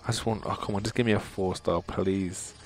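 A man hosting a gaming channel, commenting on opening game crystals, excitable and exasperated, pleading with the game and calling his viewers dudes. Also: deep voice, fairly quick. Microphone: desktop mic.

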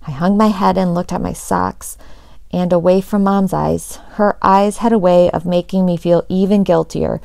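A woman teacher reading a children's chapter book aloud in an expressive storytelling manner. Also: on the low side, normal speed, vocal fry, no echo.

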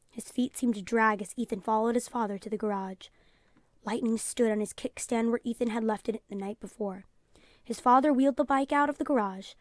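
Teacher lady reading a kids book aloud, calm, kinda high voice, dry close mic. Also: moderate pace, dry recording. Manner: calm storytelling, announces page numbers. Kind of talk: children's read-aloud narration.

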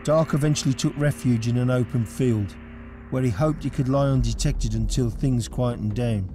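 A man reading scripted documentary narration in a measured, even way. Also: medium pitch. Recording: clear music bed behind the narration.

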